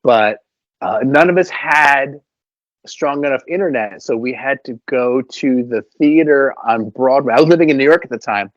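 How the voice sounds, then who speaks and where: Puppeteer guy rambling away in an interview, animated, lots of uhs, kinda dull dry sound. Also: medium pitch, normal speed, dry recording. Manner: animated, chatty, full of fillers. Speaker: puppeteer and voice actor guest. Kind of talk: casual interview storytelling. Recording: slightly dull, dry recording.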